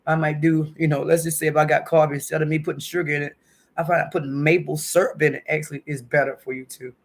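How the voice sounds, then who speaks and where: A woman's voice: low voice, level tone, quick pace. A woman in her fifties hosting a casual home livestream, chatty and emotional, calling her viewers honey and baby. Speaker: livestream host. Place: at home indoors.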